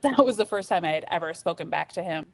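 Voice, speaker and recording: A middle-aged woman talks casually as a guest, her voice gravelly with fry. She tells her story animatedly and slips into the voices of the people she quotes. The sound is close and dry. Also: fairly low pitch, fast, dry recording. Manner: animated, acts out quoted voices, many fillers.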